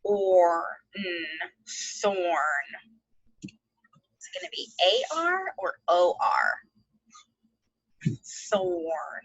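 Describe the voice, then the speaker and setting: A woman leads an online phonics lesson for second graders, slowly sounding out letters and encouraging the kids. She has a medium-pitched, sharp, husky voice, recorded dry with no echo and a dull quality.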